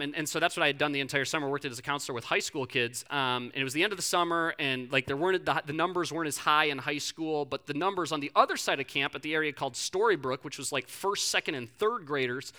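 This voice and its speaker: Young male pastor, high and very bright voice, lively storyteller, casual fillers. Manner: animated storytelling, acts out quotes, frequent fillers and restarts. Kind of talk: sermon with a personal story.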